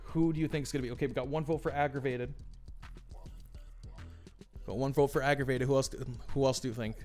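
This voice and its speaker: A man hosting a livestream, chatty and excitable, often repeating his phrases as he reads the chat. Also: mid-range voice, fast talker, soft background music. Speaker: livestream host running a tournament draw. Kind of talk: live-stream commentary reading chat.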